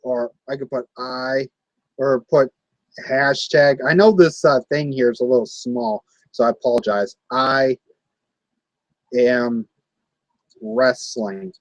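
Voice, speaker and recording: A man's voice: medium pitch, unhurried, no room sound, low-quality recording. A man in his late twenties ranting angrily to camera about wrestling fans, swearing and repeating himself. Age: 20s. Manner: angry, profane, repeats himself. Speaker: wrestling vlogger.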